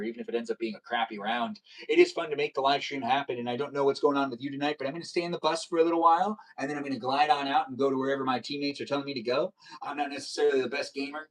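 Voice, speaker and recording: A male live streamer rambles through casual chatter while he plays a video game. He talks fast, reads chat aloud and spells out his username in a half-sung jingle. His pitch sits in the middle for a man. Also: poor audio.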